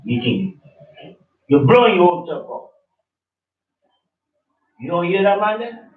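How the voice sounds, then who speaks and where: A man's voice: sits high, sing-song, measured pace. A man preaching informally in blunt, slangy, confrontational talk to a listener. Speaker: religious teacher. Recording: distant, roomy, dull audio.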